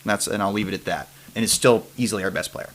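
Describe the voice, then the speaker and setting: A man's voice: fairly low pitch, a bit bright. Rambling podcast host, a man. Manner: rambling, quick restarts and trailing off. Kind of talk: casual chat.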